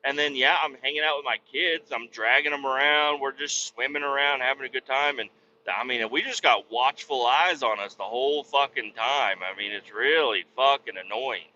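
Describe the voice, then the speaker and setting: A man's voice: medium pitch, moderate pace, pushed and bright. A man hosting a podcast, telling a story in a casual, profane, ranting way. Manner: profane, ranting, acts out others' voices. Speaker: podcast host. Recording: slightly muffled with faint hiss.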